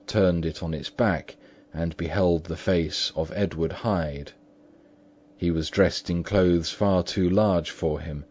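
A man reading a story aloud as narrator, in measured, even storytelling. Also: deep voice. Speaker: audiobook narrator. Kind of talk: scripted narration. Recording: dull lo-fi recording.

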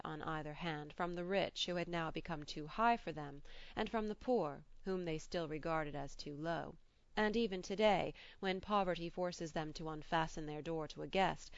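A woman reading the part of a polite, gently teasing older male doctor in an audiobook, in a measured way. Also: low voice, clear, resonant tone, dry recording, muffled recording.

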